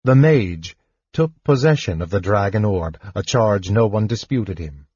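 A man narrating a fantasy audiobook in a measured, even way. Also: fairly low pitch, husky, no echo, muffled recording. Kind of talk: scripted narration.

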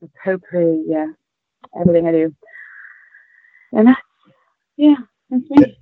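A woman's voice: on the low side, animated, a little slow, no room sound. A woman co-hosting a podcast in casual chat, eager and bubbly, on a tinny, phone-like recording. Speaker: podcast co-host. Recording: tinny phone-like dry sound.

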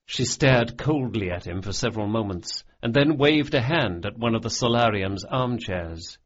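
A man narrating a fantasy audiobook in a measured, expressive storytelling manner, on a dull lo-fi recording. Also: medium pitch. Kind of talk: scripted narration.

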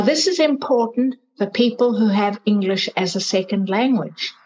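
A woman coaching doctors on speaking, explaining in a clear, deliberate way and stressing key words over a video call. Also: medium pitch, lo-fi sound. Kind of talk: explanatory interview talk.

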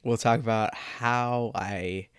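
A man's voice: mid-range voice, steady tone, takes it slowly, smooth, no room sound. Stuffy-nosed teen guy rambling on his podcast, dry close sound, jokes about stalling. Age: late teens. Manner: rambling, self-aware, jokey about stalling. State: congested, stuffy from a cold. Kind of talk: casual solo podcast chat.

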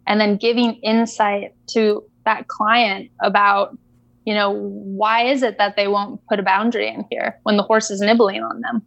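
A woman's voice: medium pitch, flat delivery, moderate pace, creaky, a bit bright, dry recording, highs cut off. A woman equine coach telling a story in a casual interview, chatty and full of fillers.

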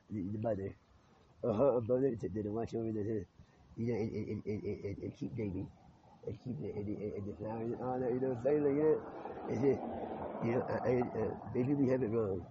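A man in a rambling spoken monologue who repeats words, restarts often and swears freely. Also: fairly low pitch. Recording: muffled lo-fi with clear background noise.

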